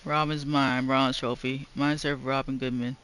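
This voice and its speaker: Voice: mid-range voice, level tone, normal speed, a bit bright, slight background noise, rough recording. A gamer giving casual commentary during a playthrough, speculating aloud about the story. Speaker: let's play gamer. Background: faint game music.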